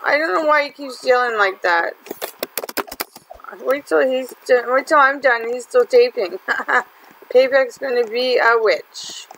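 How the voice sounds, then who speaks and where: A woman's voice: sits high, unhurried, fairly bright tone, slight background noise, poor audio. Chatty woman doing gaming commentary. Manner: chatty and teasing, laughs often. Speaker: gaming channel host. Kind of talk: let's-play commentary.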